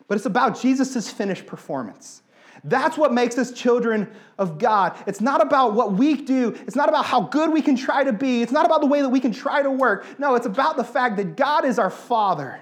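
A man in his thirties, a pastor preaching an animated sermon and driving points home by repeating phrases. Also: very high-pitched.

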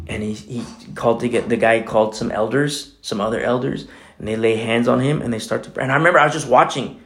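A man's voice: mid-range voice, steady tone, quick pace, a bit bright, faint music behind. A man preaching a casual, conversational sermon in church, telling a personal story with many fillers. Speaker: pastor.

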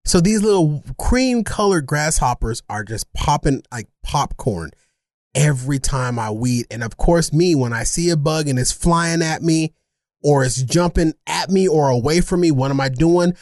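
A man co-hosting a podcast, telling a rambling, self-mocking story in casual chat, animated and funny. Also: fairly high pitch, normal speed, no room sound, studio quality. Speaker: podcast co-host.

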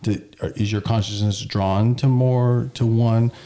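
A man with a dark, mellow voice co-hosts a casual podcast. He rambles through stories and drifts onto side tracks before finding his way back. His delivery is relaxed and unpolished. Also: fairly low pitch, a little slow. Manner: rambling, digressive storyteller. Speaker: podcast co-host. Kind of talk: casual chat.

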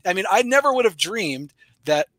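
A man's voice: high-pitched, normal speed, no room sound. A man coaching on sales in a casual conversation, telling stories and acting out quoted dialogue with playful voice shifts. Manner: animated storyteller, playful voice shifts for quoted lines. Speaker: sales trainer. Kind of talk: conversational teaching with acted-out dialogue.

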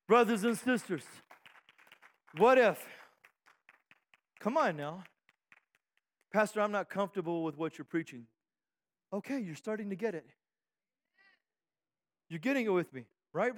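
A pastor preaching a fervent sermon, firing off repeated rhetorical questions and calling for amens from the congregation. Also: male voice, high voice. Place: church sanctuary. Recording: long hall reverb from a church.

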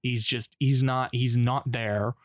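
A man's voice: medium pitch, fairly even intonation, slow, no echo, clean studio sound. A man co-hosting a casual movie podcast, rambling and swearing as he trails off and restarts. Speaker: podcast co-host. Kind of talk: casual movie review chat.

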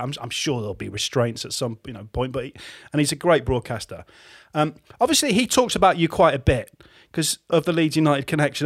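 A man's voice: mid-range voice, dry recording, clean studio sound. A man hosting a podcast, teasing his guest with self-deprecating banter. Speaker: podcast host. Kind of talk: casual chat.

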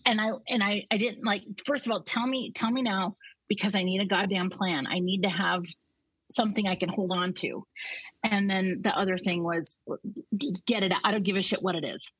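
A woman's voice: medium pitch, fairly even intonation, moderate pace, fairly bright tone, husky, no room sound, poor audio. A woman in her fifties, a comedian guest, telling stories in a casual chat, blunt and profane.

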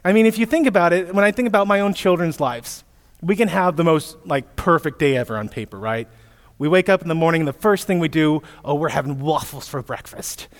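A man in his thirties, a pastor giving a sermon, telling stories with lively asides to his listeners. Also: a little high, fast. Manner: storytelling with animated asides to listeners. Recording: echoey hall, long reverb.

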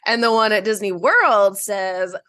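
A woman's voice: mid-range voice, unhurried, sharp tone, no room sound. A woman on a podcast panel, chatty and sharing fun facts. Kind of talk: casual chat.

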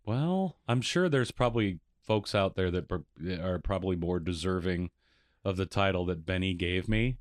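A man with a low, smooth and resonant voice talks easily about his songwriting as a guest on a radio show. He sounds thoughtful and modest, and the recording is dry and close. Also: expressive, normal speed, no room sound. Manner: easygoing, thoughtful, self-deprecating. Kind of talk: casual interview chat.

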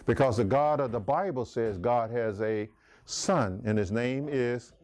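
A man's voice: mid-range voice, a little slow, a little mellow, a little hiss or hum. A man preaching a sermon, emphatic, calling out listeners by name. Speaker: pastor.

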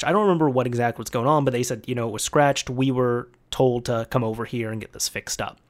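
A man's voice: mid-range voice, quick pace, few pauses. A young man telling a casual, rambling story in a conversational storytime monologue. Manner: rambling, conversational with fillers and restarts.

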